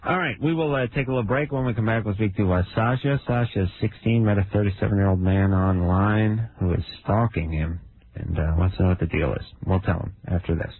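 A man in his thirties co-hosting a late-night radio call-in show, ranting sarcastically and jumping his pitch up for comic bits. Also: fairly quick, a little hiss or hum. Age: 30s. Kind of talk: casual comedic radio banter. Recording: narrow phone-like radio sound.

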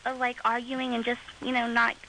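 A teenage girl calling in to a late-night call-in radio show. Her voice is very high and childlike, and she sounds bright and thin. She talks hesitantly and fills her answers with "um"s. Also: monotone, brisk, slight background noise, poor audio. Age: teens. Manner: hesitant, many "um"s. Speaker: caller.

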